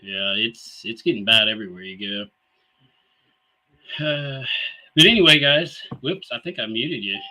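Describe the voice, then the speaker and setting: Laid-back man with a bright voice. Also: mid-range voice, expressive, a little slow, pauses often, low-quality recording. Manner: easygoing, rambling with many fillers and chuckles. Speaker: show host. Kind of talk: casual live talk show chat.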